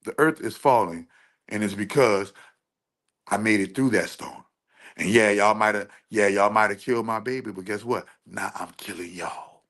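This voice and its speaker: A man's voice: on the low side, moderate pace, fairly bright tone. Man ranting intensely on a livestream. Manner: intense, emphatic, repetitive, with frequent restarts. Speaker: livestream host. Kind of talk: livestream rant.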